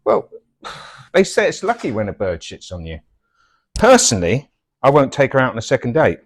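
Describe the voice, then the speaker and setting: A middle-aged man, trading scripted comic banter in a mock-earnest, deadpan, sweary way. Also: medium pitch, moderate pace. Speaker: comedy double act host.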